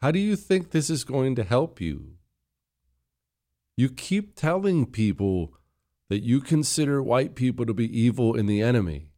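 A man's voice: mid-range voice, very animated, moderate pace, mellow. A man hosting a political commentary show, talking in a combative, sarcastic and mocking way as he reacts to clips.

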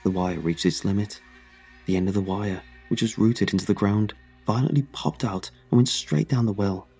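A man narrating a scripted horror story in a measured, dramatic way. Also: lowish voice, creaky, warm tone, husky, soft background music.

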